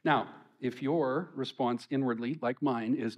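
A man's voice: medium pitch, measured pace, dull audio. A man preaching a conversational sermon to his church, lifting his voice when he reads scripture. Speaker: pastor.

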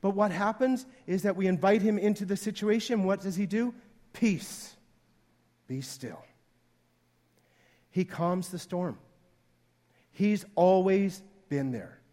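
A man's voice: sits high, moderate pace, warm tone. A male pastor preaching a sermon in a conversational way, acting out the voices he quotes.

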